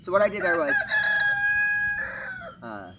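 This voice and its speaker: A man teaching a karate form in a casual, halting way, full of fillers and punctuating each move with "bam" as he performs it outdoors. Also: high voice, big pitch swings, heavy background noise. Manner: talks while performing moves. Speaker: karate instructor. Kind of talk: casual demonstration lesson. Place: backyard, outdoors. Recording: distant outdoor recording with clucking chickens.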